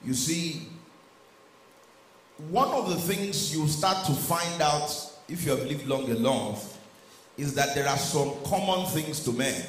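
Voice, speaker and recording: A man's voice: on the high side, big pitch swings, a little slow. A man preaching a sermon, reading scripture aloud and building to emphatic peaks. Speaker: pastor. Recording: echoey room with faint ambient noise.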